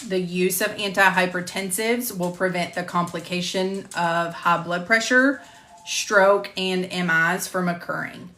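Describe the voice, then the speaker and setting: A medical coding instructor with a low, steady, bright and somewhat pushed voice records lecture narration in a home room with the door closed, and the room echoes. She reads drug terms carefully and at a measured pace, correcting herself and adding casual asides.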